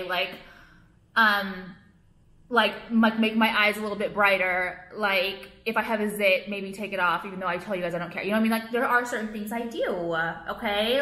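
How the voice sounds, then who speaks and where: A woman's voice: medium pitch, sharp tone. Rambling, profane young woman vlogging. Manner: rambling, heavy on "like", blunt and profane. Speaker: vlogger and jewelry line owner. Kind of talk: casual ranting vlog to camera. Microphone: camera, not phone. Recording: echoey room.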